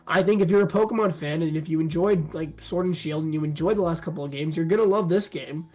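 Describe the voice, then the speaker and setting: A young man co-hosting a podcast, chatting casually, swearing and getting loud in bursts. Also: a little high, fast. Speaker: podcast co-host. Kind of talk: casual chat. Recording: faint music behind.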